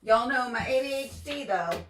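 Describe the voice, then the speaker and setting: A woman's voice: on the high side, expressive, moderate pace, a bit bright, slight background noise. Chatty woman hosting a livestream. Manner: chatty, laughs often, reads viewer comments aloud. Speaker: livestream host for writers. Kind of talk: casual livestream chat. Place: home in the countryside.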